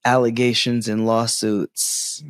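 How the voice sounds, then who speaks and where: A man's voice: medium pitch, slow, clean tone, no room sound, studio quality. A man co-hosting a podcast, telling a story in casual chat and acting out the people in it, laughing often. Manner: animated storyteller, jumps into quoted voices, laughs often. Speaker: podcast co-host.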